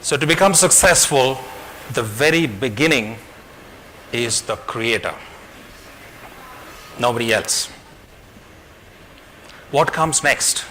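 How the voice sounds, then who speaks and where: A man's voice: medium pitch, lively intonation, takes it slowly, pauses often, bright, forceful tone, a little hiss or hum, rough recording. A man giving a motivational talk to an audience, speaking emphatically, repeating his key phrases and telling a parable.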